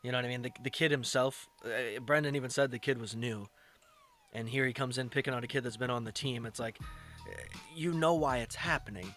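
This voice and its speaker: A man's voice: mid-range voice, brisk, a bit bright. Blunt man lecturing over faint music. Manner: lecturing, blunt, profane asides. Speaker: commentator reacting to a clip. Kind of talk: casual commentary.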